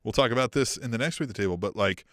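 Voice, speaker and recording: A man's voice: mid-range voice, racing, no echo, clean studio sound. A man co-hosting a casual wrestling talk podcast, swearing freely, laughing and acting out quoted lines. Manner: animated, swearing, laughs a lot, acts out quotes. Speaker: co-host.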